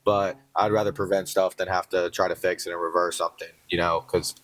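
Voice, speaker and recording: A man's voice: low-pitched, little pitch movement, fairly quick, a bit bright, dry recording. A young man with a partial rural American accent, chatting casually in a fitness vlog on the way to the gym, rambling and joking with lots of fillers. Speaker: fitness vlogger. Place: in a car on the road.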